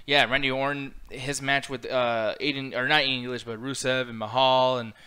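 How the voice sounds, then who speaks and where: A man's voice: medium pitch, little pitch movement, normal speed, a crowd in the background. A man co-hosting a casual podcast chat, ranting with strong opinions and plenty of swearing. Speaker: podcast co-host.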